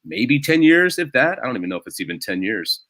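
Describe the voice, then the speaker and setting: A man's voice: mid-range voice, big pitch swings, quick pace, fairly bright tone. A male stand-up comedian as a guest on a casual podcast, telling rambling self-deprecating stories.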